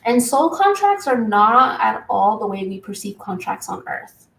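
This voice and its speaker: A woman's voice: on the high side, sing-song, unhurried, creaky, fairly bright tone, roomy sound, recorded from a distance, poor audio. A woman giving a live tarot reading from home, in a flowing spiritual way of talking. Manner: flowing spiritual talk, stops to scold her pets. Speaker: tarot reader. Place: home room.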